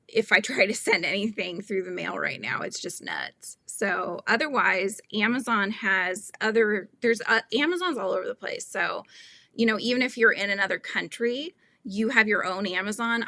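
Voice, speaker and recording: Chatty woman with a gravelly bright voice. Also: mid-range voice, no room sound. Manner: rambling, chatty, laughs often. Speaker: children's book author hosting a live stream. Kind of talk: casual live-stream chat.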